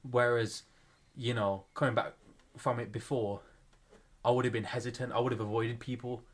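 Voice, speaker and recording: A man's voice: mid-range voice, flat delivery, normal speed. A young man talks casually as a podcast co-host, chatty and self-mocking. He often laughs between his phrases.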